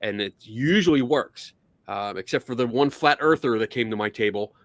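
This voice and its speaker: Animated male podcast host, dry sound. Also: mid-range voice, normal speed, dry recording. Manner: animated storytelling, acts out quotes. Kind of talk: casual podcast chat.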